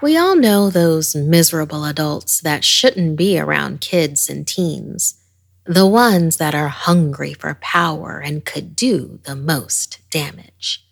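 A woman narrating a first-person horror story in a measured, hushed storytelling manner, sometimes sinking almost to a whisper. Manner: slow, low and gravelly, dropping to hushed whispers.

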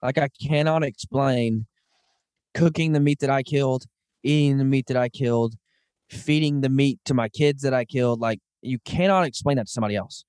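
A man's voice: mid-range voice, normal speed, darkish tone, smooth, no echo. Earnest, enthusiastic man with dry sound. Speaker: podcast host. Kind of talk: casual hunting podcast chat.

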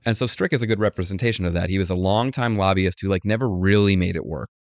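A male journalist as an interview guest, telling a story with lively acted-out quotes. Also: sits low, quick pace, dry recording, studio quality. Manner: animated storyteller, acts out quotes. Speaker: guest author, political journalist. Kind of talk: conversational interview.

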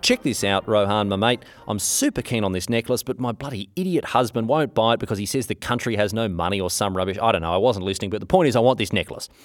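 A man's voice: fairly low pitch, quick pace, hardly any pauses, no room sound, soft background music, close to an everyday voice. A man voicing a spoiled, petulant queen who complains in a flippant, slangy way.

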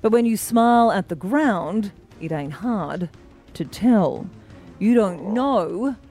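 A woman putting on a slow stiff newsreader voice. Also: mid-range voice, expressive, mellow, soft background music. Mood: deadpan reading. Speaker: radio co-host doing a mock newsreader voice. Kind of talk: deadpan newsreader voice reading song lyrics. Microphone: studio microphone.

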